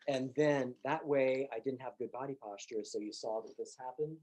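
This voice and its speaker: A man teaching piano, explaining calmly and patiently, step by step. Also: mid-range voice, normal speed, few pauses, dull audio. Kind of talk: instructional demonstration.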